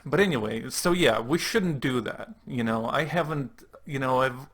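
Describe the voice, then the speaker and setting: A man's voice: medium pitch, normal speed, a bit bright. A man giving sarcastic, profane commentary on political tweets as a YouTube host. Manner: mocking, profane asides.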